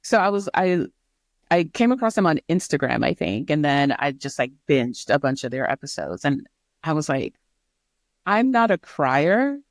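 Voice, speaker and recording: A woman co-hosting a podcast in casual chat, speaking haltingly with many small restarts and frequent agreeing interjections. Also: sits low, lively intonation, dry recording, clean studio sound. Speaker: podcast co-host.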